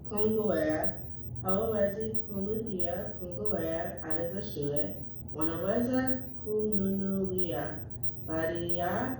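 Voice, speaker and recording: A young woman student reading a passage aloud in class, halting and stumbling over words. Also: on the low side, noisy background. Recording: echoey classroom, distant from the mic.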